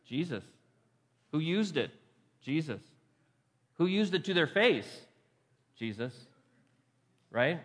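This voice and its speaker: A man's voice: fairly high pitch, sing-song, slow, long pauses. A pastor preaching a conversational sermon. He poses rhetorical questions to the congregation and repeats phrases for emphasis. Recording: long hall reverb.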